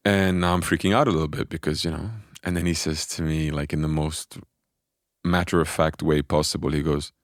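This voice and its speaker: A man telling a personal spiritual story in a relaxed podcast conversation, animated and often restarting his sentences. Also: very deep voice, brisk, no echo, studio quality.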